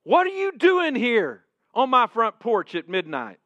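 A preacher voicing a grumpy, sleepy neighbor man who was woken at midnight, speaking gruffly. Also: very high-pitched, wildly swooping pitch, a little slow, a bit bright, no echo, lo-fi sound, voice pushed up, full character voice. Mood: irritated. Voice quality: gruff, grumbling.

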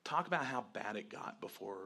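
A man co-hosting, candidly telling a story about his marriage in an animated way. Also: on the low side, a little fast, gravelly, slightly rough. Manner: animated, grows loud acting out past arguments. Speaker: co-host, husband telling the story.

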